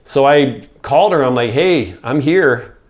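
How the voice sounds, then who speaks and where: A man's voice: mid-range voice, animated, measured pace. Chatty middle-aged man telling a story. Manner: rambling, peppered with "like" and swearing. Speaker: podcast guest. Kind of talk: casual storytelling.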